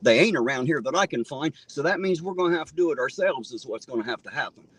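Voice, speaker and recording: A man's voice: medium pitch, animated, fast, slightly rough, dry recording. An angry man, ranting with a stream of curses while hosting a livestream from a car on his phone. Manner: loud, cursing, indignant. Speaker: livestream host. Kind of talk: angry profane livestream rant.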